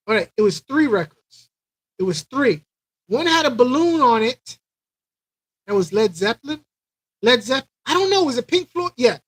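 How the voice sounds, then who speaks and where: Brooklyn-raised male host, higher-pitched voice, loose rambling live-chat storyteller. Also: dry recording, poor audio. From Brooklyn, New York. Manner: animated, repeats himself, imitates record scratching. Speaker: aquarium channel host. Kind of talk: casual live-stream storytelling.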